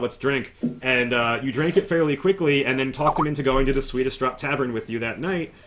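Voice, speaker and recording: Male game master, casual rambling recap, average pitch, faint hiss. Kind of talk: recapping a tabletop game session.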